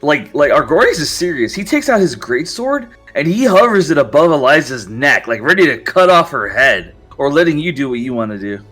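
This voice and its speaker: Bright-voiced man running a tabletop game. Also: a little high, very animated, fairly quick, few pauses, soft background music. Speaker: game master.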